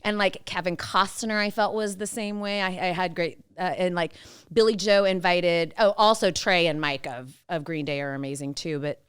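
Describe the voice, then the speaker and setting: Woman, podcast co-host, gushing casual chat, smooth clear voice, dry close sound. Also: fairly low pitch, steady tone, normal speed, fairly bright tone, dry recording. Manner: gushing, storytelling with many fillers.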